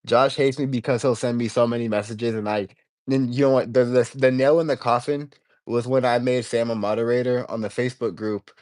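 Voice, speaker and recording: A man's voice: mid-range voice, steady tone, fairly quick, a little mellow, no echo. A man hosting a casual livestream, rambling in stops and restarts as he talks to his viewers. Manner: rambling, stop-start, reading out chat comments. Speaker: livestream host.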